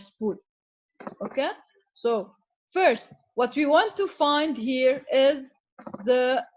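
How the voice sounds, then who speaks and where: In a muffled recording, a woman with a high voice lectures a class as an engineering teacher. She walks through the material step by step, keeps asking "okay?", and switches to Arabic with her students.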